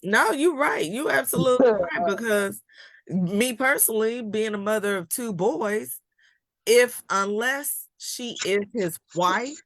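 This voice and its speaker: A woman's voice: a little high, expressive, a little slow, a little hiss or hum. A middle-aged woman hosting a casual talk show, chatting in a conversational way and pushing back on her guest's points. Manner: conversational, plays devil's advocate. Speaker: podcast host.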